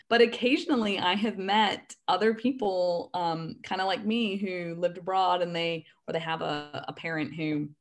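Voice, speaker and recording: A woman's voice: lowish voice, normal speed, few pauses. A woman in her thirties with an American accent, an Air Force officer telling stories with laughter as a podcast guest. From grew up in the UK. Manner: chatty, laughing storyteller. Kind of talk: casual podcast interview.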